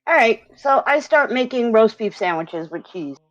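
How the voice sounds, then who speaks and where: A woman's voice: a little high, lively intonation, normal speed, dry recording, faint music behind. A woman playing a tabletop game, speaking in a practical, matter-of-fact way. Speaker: player. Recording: dull, dry lo-fi sound.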